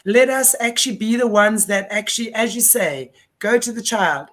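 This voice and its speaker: A woman hosting a live-stream conversation, telling a story in an earnest, animated way. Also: a little high, normal speed, hardly any pauses. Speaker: host.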